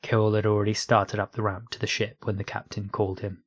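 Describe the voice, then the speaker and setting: Brief: male narrator, low, flat delivery, husky, dry close mic. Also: quick pace, no room sound. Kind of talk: audiobook reading of online fiction.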